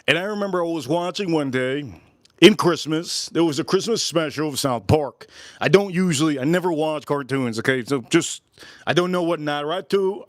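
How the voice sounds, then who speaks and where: Man, forties, livestream host, slightly high voice, loud and joking, rambling chat, dry close sound. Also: no room sound. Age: 40s.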